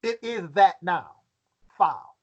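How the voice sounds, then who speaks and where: A man leading a Bible study, reading scripture aloud and putting questions to his listeners, sometimes halting and repeating words as he thinks. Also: high voice, lively intonation, muffled recording.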